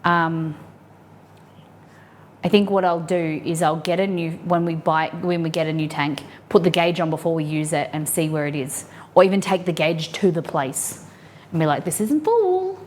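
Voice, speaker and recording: A woman's voice: deep voice, steady tone, normal speed, slight background noise. A young adult woman chatting casually while cooking on a live stream from her home kitchen, playful and rambling with giggly asides.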